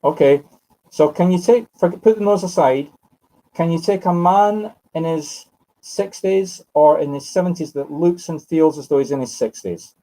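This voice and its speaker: A man's voice: fairly high pitch, moderate pace, mellow, low-quality recording. A Scottish man in his fifties giving live spiritual readings, musing aloud and correcting himself as he addresses sitters by name. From Scotland. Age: 50s. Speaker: medium.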